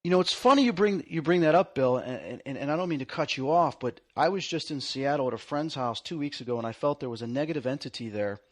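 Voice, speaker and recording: A man hosting a casual conversation, an excitable storyteller who acts out the lines he quotes. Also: on the high side, fast talker, few pauses. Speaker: host.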